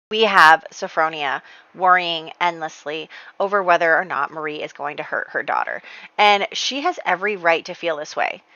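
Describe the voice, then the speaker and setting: A woman's voice: fairly low pitch, pushed and bright, no room sound, highs cut off. A woman casually narrating her life-simulation gameplay as a chatty storyteller, full of fillers and asides. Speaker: Sims gameplay creator.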